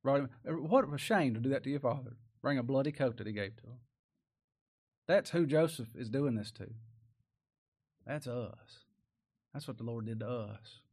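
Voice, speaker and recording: A man preaching a sermon, reading old-style scripture and commenting in plain, folksy talk. He swings from loud emphatic peaks to low, quiet asides. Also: normal speed, long pauses, husky. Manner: reads old-style scripture verses aloud.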